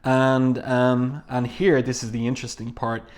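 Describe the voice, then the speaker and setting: A man's voice: mid-range voice, level tone, a little mellow. Thoughtful male comic book reviewer. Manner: measured, reflective, pausing often to find words. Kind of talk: casual page-by-page commentary.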